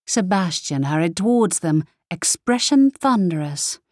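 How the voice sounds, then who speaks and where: A woman reading a fantasy novel aloud in a measured, deliberate way. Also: on the low side, lively intonation, a little mellow, no echo, studio quality. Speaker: audiobook narrator. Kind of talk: scripted fantasy narration.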